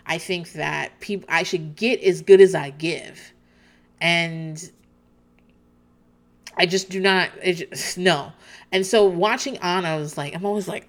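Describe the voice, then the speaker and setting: Animated woman chatting candidly. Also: on the low side, moderate pace. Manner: animated, candid, with frequent restarts and laughs. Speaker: host recapping a TV show. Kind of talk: casual chat.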